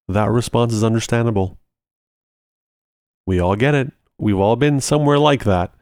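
A man's voice: medium pitch, normal speed, long pauses, a little mellow, dry recording, clean studio sound. A man hosting a ministry podcast, teaching in a conversational way and walking through everyday examples step by step, repeating short phrases for emphasis.

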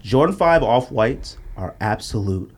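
A man hosting a podcast in casual chat, telling stories in an animated way and laughing often. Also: medium pitch. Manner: animated storytelling, quick to laugh. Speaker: podcast host.

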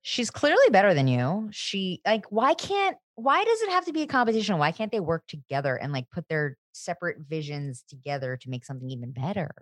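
A woman co-hosting a casual podcast, recapping a TV episode with sarcastic asides and quick acted-out lines. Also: fairly low pitch, big pitch swings, no room sound, studio quality. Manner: sarcastic, acts out scenes in quick voices. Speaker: podcast co-host.

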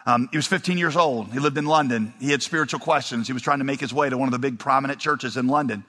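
A man's voice: medium pitch, fast, sharp tone, long reverb tail. A man preaching a sermon as pastor of a church, telling a story in a conversational way with dry humor.

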